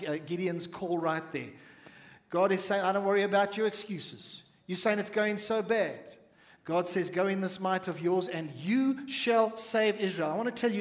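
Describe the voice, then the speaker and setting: High-voiced male pastor preaching. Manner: reads scripture aloud with lively asides to the congregation. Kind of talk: sermon.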